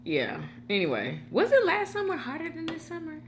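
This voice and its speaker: A woman's voice: high voice, moderate pace, a little hiss or hum. A woman hosting a mukbang at home, chatting casually and talking straight to her viewers. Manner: chatty, animated, addresses viewers directly. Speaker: mukbang host. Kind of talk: casual chat while eating.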